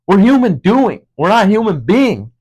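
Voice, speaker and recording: A young man with a high, light voice riffs through a casual podcast monologue and swears constantly. His voice cracks now and then, and he stalls on fillers while he searches for the right word. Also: big pitch swings, unhurried, darkish tone, slightly rough, rough recording. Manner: profane, rambling, searching for words. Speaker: podcast host.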